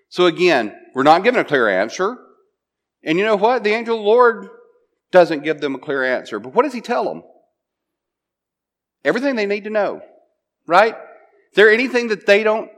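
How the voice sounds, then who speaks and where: Conversational male preacher, slightly high voice. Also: a bit bright. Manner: conversational, often asks "right?" and restarts phrases. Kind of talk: sermon, retelling a Bible passage.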